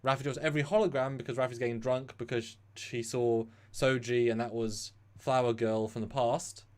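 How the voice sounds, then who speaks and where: A man co-hosting a casual live-stream chat, animated and rambling with sarcastic asides. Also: mid-range voice, brisk, clear, resonant tone. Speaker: co-host.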